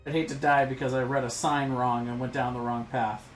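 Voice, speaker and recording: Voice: medium pitch, level tone, a little fast, faint music behind. A player in a tabletop game, chatting casually and playfully. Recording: echoey room.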